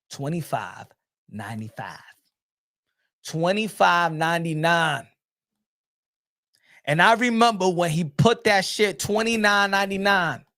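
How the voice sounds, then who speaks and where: A man's voice: high-pitched, creaky, fairly bright tone. A man hosting a boxing show, ranting casually and profanely, with lots of repetition. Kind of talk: casual commentary rant.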